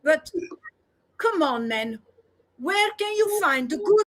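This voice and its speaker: A woman's voice: very high-pitched, very animated, slow pace, fairly bright tone, rough recording. A woman speaking up during a group stream, pleading and agitated.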